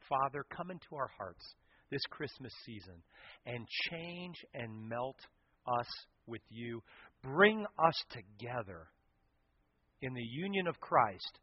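Husky-voiced, animated preaching man. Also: mid-range voice, no echo. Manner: animated storytelling preacher, swinging from loud to hushed. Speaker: pastor. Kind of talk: sermon. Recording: dull lo-fi sound.

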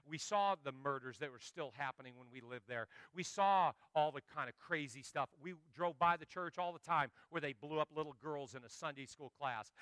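A man preaching a sermon as pastor, telling animated stories and joking with the congregation. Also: a little high, no echo.

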